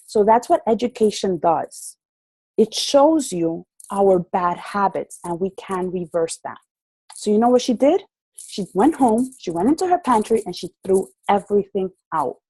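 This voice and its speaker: A woman's voice: medium pitch, dark tone, husky, no echo, poor audio. Passionate woman leading a group call. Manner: passionate, preacherly, acts out dialogue. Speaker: group leader speaking to her members. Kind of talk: motivational talk on a group call. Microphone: call audio.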